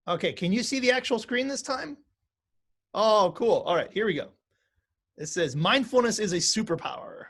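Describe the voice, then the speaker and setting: A man's voice: high voice, lively intonation, moderate pace, fairly bright tone. A middle-aged man teaching an online mindfulness lesson for musicians, chatty and self-correcting, laughing easily, over a video call.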